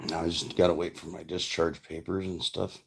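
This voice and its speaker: A man speaks in a casual vlog, loosely telling a family story with plainspoken, profane asides. His voice sits very low, and it has a rough, crackling fry. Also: flat delivery, fairly quick. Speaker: vlogger and father.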